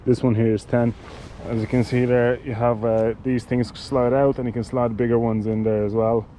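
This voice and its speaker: A man giving a casual product demonstration of cycling gear, talking in a halting way with many fillers and restarts. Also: medium pitch, level tone, warm tone, a little hiss or hum, rough recording.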